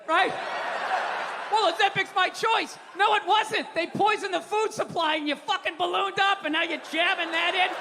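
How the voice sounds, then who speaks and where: A man doing a profane, sarcastic stand-up comedy set in front of a live audience. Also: very high-pitched. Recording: live stand-up recording with crowd and noise.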